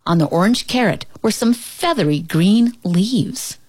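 Expressive woman reading a picture book. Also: medium pitch, a little slow, slightly rough, no room sound. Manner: expressive, animated storytelling. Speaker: storybook reader. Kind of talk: children's picture book read-aloud.

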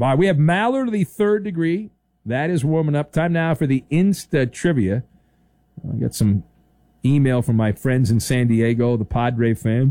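A man's voice: mid-range voice, expressive, moderate pace, dark tone, dry recording. A man hosting a sports talk radio show, joking and playful.

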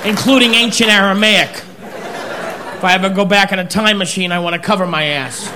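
A man performing stand-up comedy, telling a story in an animated, wry way. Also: sits high, a little fast, crowd noise, background noise.

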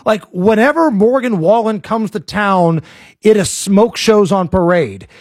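A man's voice: high-pitched, measured pace, a little mellow, no room sound, studio quality. A man hosting a radio show, joking and teasing in casual banter. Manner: joking, teasing, uses "like" a lot. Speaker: radio host.

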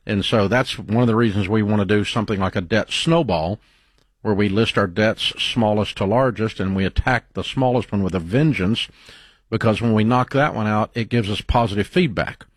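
Middle-aged male radio host, low husky voice, folksy and assured, dry studio sound. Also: normal speed, dry recording. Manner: confident, plain-spoken, folksy. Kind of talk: call-in advice talk.

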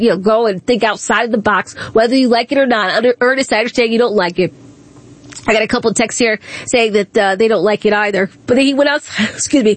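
A woman's voice: a little high, dry recording. A woman hosting a radio talk show, taking calls and giving her opinions in a conversational way. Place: radio studio.

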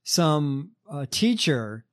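A man co-hosting a podcast, telling stories in a relaxed, sarcastic way with lots of fillers. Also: on the high side, extremely slow. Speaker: podcast co-host. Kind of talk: casual chat.

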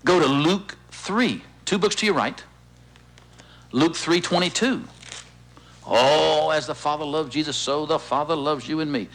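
A man preaching as pastor, leading his congregation in repeating lines, animated and insistent. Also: breathy edge. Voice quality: animated, swooping pitch when stirred. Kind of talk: sermon with call-and-response.

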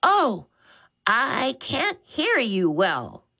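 Picture a woman putting on a fussy, sweet old lady who is hard of hearing, drawing her words out slowly and loudly in a storybook reading. Her voice sits up high with a lively, swooping lilt. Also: creaky, full character voice. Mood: doting. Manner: slow, loud, doting.

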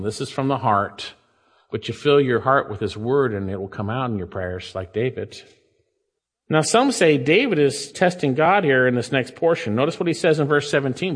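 A man preaching an expository sermon, reading verses aloud and lifting his voice sharply on key phrases. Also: mid-range voice. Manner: animated, rising emphasis when reading scripture. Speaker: pastor. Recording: long hall reverb.

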